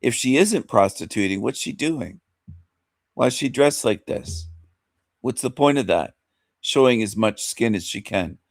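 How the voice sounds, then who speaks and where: Talk host, male, rambling and repetitive, mid-pitched, bone-dry close sound. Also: expressive, unhurried, dry recording. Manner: rambling, repeats phrases, fires rhetorical questions. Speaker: radio show host. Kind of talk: opinionated monologue commentary.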